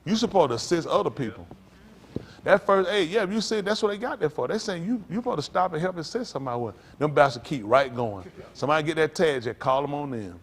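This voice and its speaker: A middle-aged male pastor preaching to a congregation, rambling through folksy stories and jumping to loud emphasis. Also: fairly high pitch, expressive, fast talker, breathy edge.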